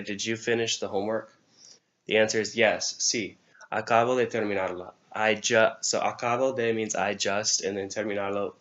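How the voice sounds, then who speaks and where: A man's voice: lowish voice, fairly bright tone, muffled recording. A male Spanish teacher reviewing grammar, asking and answering his own questions step by step. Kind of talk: recorded exam review lesson.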